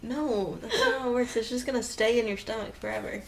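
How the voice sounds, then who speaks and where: A woman's voice: fairly high pitch, steady tone, a little fast, gravelly, slight background noise, low-quality recording. A young woman co-hosting a podcast in casual chat, talking in a loose, chatty way. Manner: chatty, many "like" fillers. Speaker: podcast co-host.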